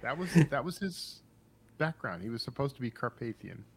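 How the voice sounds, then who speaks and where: A man's voice: mid-range voice, very animated, normal speed. A man co-hosting a podcast, sharing movie trivia in casual chat with a dry, teasing sense of humor. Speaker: podcast co-host.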